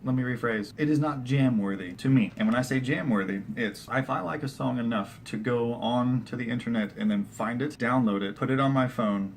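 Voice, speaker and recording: A man's voice: medium pitch, brisk, few pauses, slight background noise. A young man from Texas talking casually to camera in a vlog, rambling through his opinions with jokey asides and correcting himself as he goes. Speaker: vlogger.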